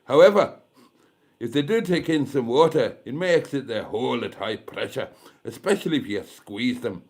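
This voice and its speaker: A man's voice: medium pitch, expressive, normal speed, darkish tone, close to an everyday voice. A man with a head cold putting on a jokey Scottish accent for a matter-of-fact Scottish man. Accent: put-on Scottish.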